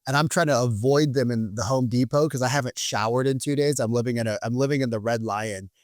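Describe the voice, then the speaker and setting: Animated storytelling man, dry sound. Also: medium pitch, fast, no echo. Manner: animated, acts out quoted people. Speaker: podcast guest. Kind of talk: casual storytelling.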